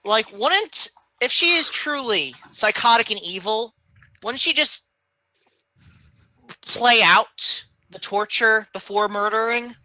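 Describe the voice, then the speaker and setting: A woman in a tabletop game thinks aloud in a rambling, musing way. Her voice is bright and sharp, and she speaks slowly. The recording is dry. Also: on the high side, animated, no echo, rough recording. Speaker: player. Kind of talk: casual tabletop game play.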